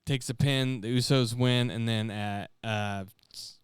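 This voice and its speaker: A man co-hosting a casual podcast chat, loose and joking, cursing freely. His voice is smooth and clear, sitting at an ordinary pitch, recorded close and dry with no room sound around it. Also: fairly even intonation, measured pace, no room sound. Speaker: podcast co-host.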